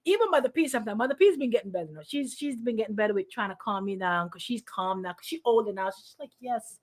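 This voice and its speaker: A woman's voice: medium pitch, lively intonation, fast talker. A middle-aged woman pastor preaching informally, calling on listeners by name and acting out quoted voices. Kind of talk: informal sermon to an online congregation.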